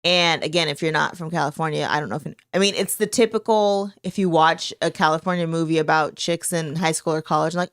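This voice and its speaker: A woman's voice: low-pitched, steady tone, a little fast, few pauses, a bit bright, dry recording, clean studio sound. A middle-aged woman co-hosting a casual live podcast, chatty and opinionated. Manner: opinionated, chatty, laughing often. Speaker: podcast co-host.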